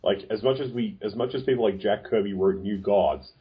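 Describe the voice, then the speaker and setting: A man's voice: on the low side, fairly quick. A man co-hosting a casual chat, hesitant and full of ums, with jokey asides. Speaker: podcast co-host. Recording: dull lo-fi sound.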